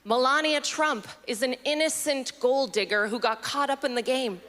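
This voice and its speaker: A woman performing a stand-up comedy set on a festival stage, dry and quick-witted, on a handheld mic. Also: high voice, fairly bright tone.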